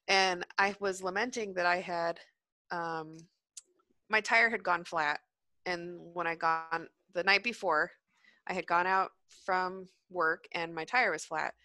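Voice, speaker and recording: A woman's voice: lowish voice, pushed and bright, no room sound. A young adult woman, a former prison teacher, telling blunt, profane stories in a casual podcast chat.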